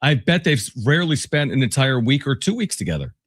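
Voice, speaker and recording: A man's voice: mid-range voice, sing-song, a little fast, dry recording, studio quality. A man co-hosting a sports talk show, chatting casually, joking and laughing often. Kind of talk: casual chat.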